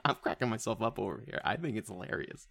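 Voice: mid-range voice, expressive, fast, gravelly, a bit bright, no echo, studio quality. A podcast co-host in casual chat, rambling and joking crudely while laughing a lot.

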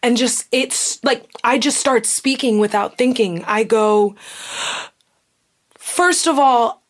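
A young woman hosts a casual talk show, candidly telling a personal story and animatedly acting out the voices of the people in it. Her voice is on the high side and her pace a little slow.

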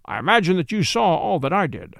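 A man voicing a brilliant, calm male detective who explains things in a measured way. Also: high voice, vocal fry, no room sound, clean studio sound, full character voice. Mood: grave, explaining.

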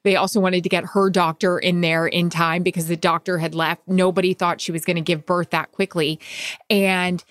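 A woman co-hosting a podcast tells a personal story in relaxed chat, slightly low-pitched, with her voice jumping up in excited, emotional bursts. The recording is close and dry, with no room sound. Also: normal speed, no echo. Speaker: podcast co-host. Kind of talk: casual chat.

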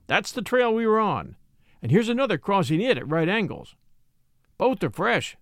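A man voicing a gruff, bold Western ranger who barks orders with raised, emphatic delivery in an audiobook reading. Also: high voice, sing-song, normal speed, fairly bright tone, dry recording, studio quality, heavily acted. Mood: excited.

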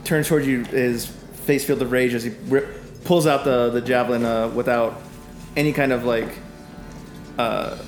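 A man running a tabletop game as game master, narrating combat in halting, filler-heavy descriptions. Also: mid-range voice, steady tone, echoey room, soft background music.

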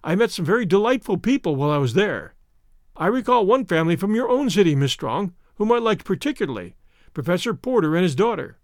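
A courteous, reserved man raised in the jungle, speaking in a storybook, as a man plays him. His measured, polite delivery sits a little lower than the narration but still moves with life, and the sound is dry and close. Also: big pitch swings, no room sound.

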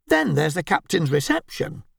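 Nagging wife, prim and fussy, as a male narrator puts her on, with a gravelly edge. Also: fairly high pitch, big pitch swings, normal speed, fairly bright tone, no room sound, clean studio sound, exaggerated voice. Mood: scolding. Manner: prim, scolding, censorious. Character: bossy, nagging, fussy middle-aged Englishwoman.

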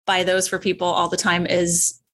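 A woman's voice: on the low side, monotone, normal speed. A woman, a clinician, talking casually on a podcast with an upbeat manner and frequent laughs. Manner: laughs often, warm and upbeat.

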